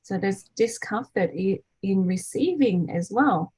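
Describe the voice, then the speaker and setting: A woman's voice: medium pitch, animated, a little slow, breathy edge, no echo, poor audio. A woman in her thirties hosting a casual group call, chatty, with many fillers and restarts. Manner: acts out quoted voices brightly. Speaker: meeting host, energy healer.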